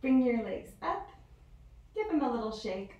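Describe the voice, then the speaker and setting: A woman leading a yoga lesson for young children, giving gentle, slow, sing-song instructions. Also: on the high side, very animated, highs cut off. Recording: echoey room from far off.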